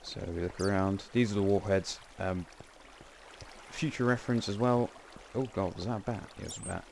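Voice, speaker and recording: A man's voice: fairly low pitch, fairly even intonation, moderate pace, vocal fry, darkish tone, slight background noise. A man giving casual, rambling gameplay commentary with wry asides and frequent self-corrections. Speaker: game channel host.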